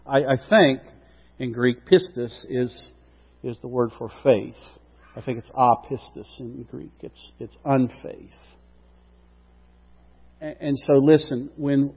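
A man preaching a sermon with emphatic rhetorical questions, dropping quiet and then rising loud. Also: mid-range voice. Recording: dull sound with long reverb.

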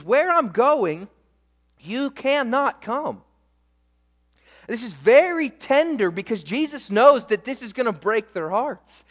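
A young man preaching a sermon as pastor, animated and emphatic, repeating words for weight. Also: high-pitched. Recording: echoey hall reverb.

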